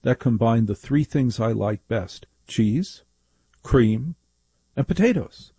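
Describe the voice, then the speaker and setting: A middle-aged man hosts a call-in radio show with a gravelly, husky voice. His tone is dark and mellow, and he speaks into a close studio microphone with a dry sound. He tells stories with emphatic, mock-indignant conviction. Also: medium pitch, expressive, slow, no echo. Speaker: radio talk show host.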